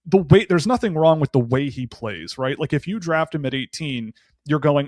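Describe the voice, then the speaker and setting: A man's voice: mid-range voice, a little fast, no room sound, clean studio sound. A man speaking as a guest analyst on a podcast. He talks casually, thinks aloud, and restarts his sentences often.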